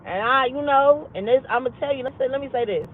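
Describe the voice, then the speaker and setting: A woman's voice: high-pitched, fast, a little hiss or hum. A woman hosting her own vlog, talking frankly and emphatically to viewers, repeating lines for stress. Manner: frank and profane, heartfelt. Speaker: channel host. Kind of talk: candid vlog talk to viewers. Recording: tinny phone-like audio.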